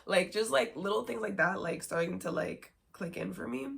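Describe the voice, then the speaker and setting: A woman's voice: medium pitch, moderate pace, gravelly, fairly bright tone. A woman hosting a podcast, telling a personal story candidly in a rambling way with many filler words and nervous laughs. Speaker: podcast host.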